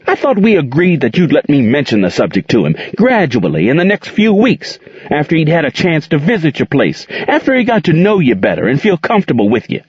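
A man's voice: fairly low pitch, mellow, dry recording. A man voicing an older aunt, folksy, firm and protective, in a dull muffled recording. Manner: folksy, scolding then tender. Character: warm firm older aunt raising kids.

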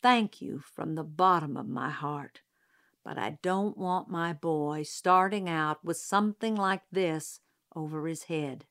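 A woman giving voice to a steady, principled small-town lawyer and father in a slow audiobook reading. He speaks calmly but firmly, earnest and unbending, in a low, unhurried voice. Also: exaggerated voice. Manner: calm, firm and earnest.

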